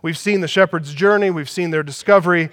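Guy preaching a sermon, pretty high voice, keeps stacking phrases for emphasis, long echo like a big hall. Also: brisk, a bit bright. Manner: emphatic preaching with building repetition. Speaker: pastor.

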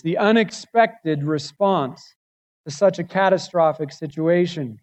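A man's voice: on the high side, unhurried, a little mellow. A male pastor preaching a sermon, emphatic and building intensity through lists and rhetorical questions.

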